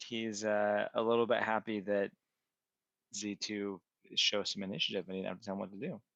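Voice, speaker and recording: A man's voice: fairly low pitch, level tone, brisk, creaky, a bit bright, no room sound, highs cut off. A man playing a tabletop role-playing game, describing his characters' antics in a playful way. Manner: playful, laughing often. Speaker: player. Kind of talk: casual tabletop role-play.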